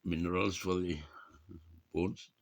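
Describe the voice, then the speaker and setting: Middle-aged man, low voice, unhurried, rambling jokey vlog chat, throat-clearing. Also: little pitch movement. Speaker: vlogger. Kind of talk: casual chat to camera.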